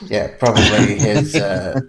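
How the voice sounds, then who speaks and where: Low-voiced podcast co-host, dry. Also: male voice, animated, a little slow, echoey room, a loud crowd. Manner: dry, matter-of-fact, laughs along. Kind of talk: casual chat.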